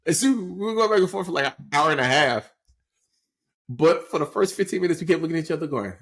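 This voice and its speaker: Fast-talking and somewhat high-voiced, a forties-aged man co-hosting a podcast tells lively stories in relaxed chat. Laughter comes often as he goes.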